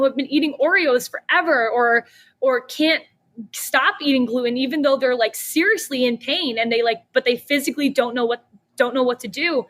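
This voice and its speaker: Bright-voiced chatty young woman. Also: on the high side. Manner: chatty, lots of "um" and "like", animated. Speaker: guest, snack company founder. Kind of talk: casual interview storytelling.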